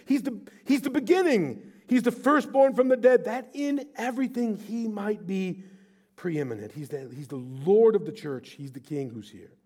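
Male pastor, middle-aged, high pitch, emphatic storytelling sermon. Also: a little mellow.

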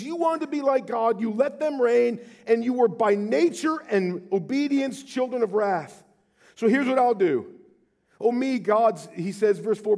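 A middle-aged male pastor preaching a sermon with passion, swinging from loud declarations to hushed, slow phrases. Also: very high voice. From Southern California.

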